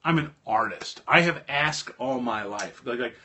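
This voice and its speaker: A middle-aged man telling a rambling, animated personal story in a casual monologue to his viewers. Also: medium pitch, unhurried, few pauses, slight background noise. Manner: animated, rambling, with frequent restarts. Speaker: host of a live stream talk.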